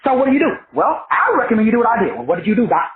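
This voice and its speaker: A high-voiced, middle-aged man coaching in a loose, streetwise way, swinging his pitch up and down as he acts out other people. The sound is thin and tinny, like a phone line. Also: very fast. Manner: animated, slangy and profane, acting out other people's voices. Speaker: life coach. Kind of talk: casual motivational talk.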